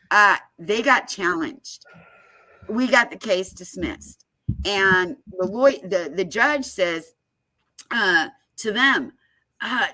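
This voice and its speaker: A woman's voice: medium pitch, slow pace, sharp tone. A woman talking casually and emphatically, telling a story and explaining advice. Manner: emphatic storyteller, laughs often. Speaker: guest speaker on foreclosure fraud.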